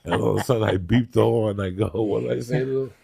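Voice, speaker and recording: A Cuban-American comedian in his fifties, appearing as a podcast guest, tells brash, profane comic stories and acts out the characters in them. His voice sits on the low side with a steady, warm tone, slightly rough and gravelly, and he talks at a quick pace.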